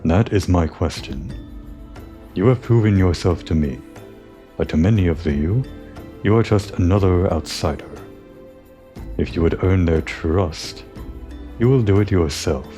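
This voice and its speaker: A man's voice: deep voice, measured pace, pauses often, dark tone, soft background music. A man reading out the lines of a proud, distrustful female tribal chieftain from a game, in a formal, solemn manner. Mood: stern. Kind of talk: reading game dialogue aloud.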